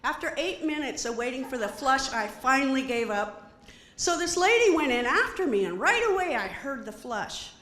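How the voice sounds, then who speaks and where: Woman comedian, high lively voice, roomy echo with faint ambience, stand-up set. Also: moderate pace. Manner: animated, acts out quoted voices. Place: comedy stage before an audience.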